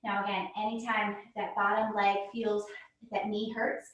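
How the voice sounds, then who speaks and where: A woman's voice: mid-range voice, little pitch movement, normal speed, a bit bright. Yoga teacher lady, kinda out of breath, cheering on with lots of "good", sounds far from the mic. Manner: encouraging cues, frequent "good". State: a little out of breath. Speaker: yoga instructor. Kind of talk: guided yoga class instruction. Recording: echoey room, voice from far off.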